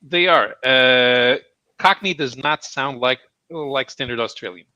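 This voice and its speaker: A man with a North London accent co-hosts a casual chat, reading out viewer comments and laughing easily. His voice is bright and forceful, recorded close and dry with no room sound. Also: medium pitch, unhurried, no echo, highs cut off. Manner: reads viewer comments aloud, laughs often. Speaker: podcast co-host reading chat.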